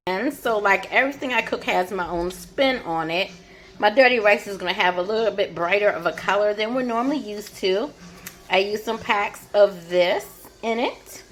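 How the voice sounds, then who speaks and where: A woman's voice: medium pitch, normal speed, a bit bright, a little hiss or hum. Chatty woman showing how she cooks. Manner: chatty step-by-step explaining. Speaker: home cook vlogger. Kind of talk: cooking demonstration.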